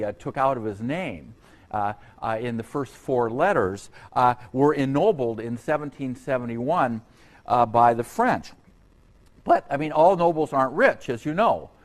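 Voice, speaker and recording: Halting man giving a history lecture. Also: medium pitch. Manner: halting, full of uh and um fillers and restarts; digressive, conversational asides to students. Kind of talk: unscripted university lecture. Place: lecture hall.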